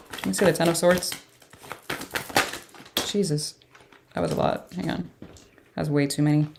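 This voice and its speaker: Female tarot reader, low voice, casual, reactive. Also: a little mellow. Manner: reacts aloud to cards with surprised exclamations and laughs.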